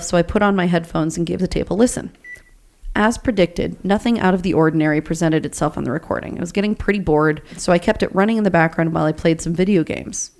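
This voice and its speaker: Low-voiced woman reading a ghost story. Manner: steady storytelling read, chatty asides. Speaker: podcast host reading a listener story. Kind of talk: story reading and casual chat.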